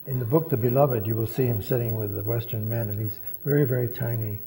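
A man with a warm, mellow voice chimes in with his own recollections and nudges the story along. His speech carries the long reverb of a large hall. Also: medium pitch, fairly even intonation, fast talker. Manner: chiming in with short prompts and recollections. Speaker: family member recounting memories. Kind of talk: casual storytelling to a group.

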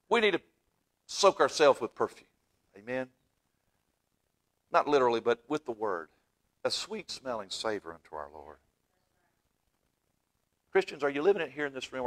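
Fervent preacher, big swings. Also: male voice, medium pitch. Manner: fervent, swings from shouting to near-whisper. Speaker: pastor. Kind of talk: sermon. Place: church sanctuary.

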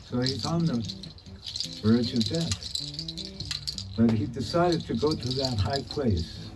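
A man telling a story in a relaxed, conversational way. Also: mid-range voice, slow pace, low-quality recording. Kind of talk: oral storytelling. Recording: voice from afar over guitar music. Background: guitar music.

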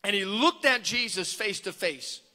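A male preacher with a fairly high, bright voice tells a story at a slow, deliberate pace. He builds from quiet telling to fervent shouting. Long reverb from the large church hall trails after each phrase. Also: expressive. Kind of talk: sermon storytelling.

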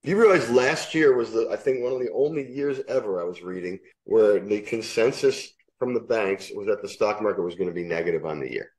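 A man with a low, husky voice banters on a trading show. He is blunt and teasing and swears freely. His talk is loose and casual. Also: fairly quick, few pauses, a little mellow, rough recording.

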